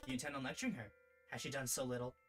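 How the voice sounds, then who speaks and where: Brief: polite formal gentleman, read by a man, encouraging, quick and bright. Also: medium pitch, little pitch movement, soft background music, close to an everyday voice. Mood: courteous.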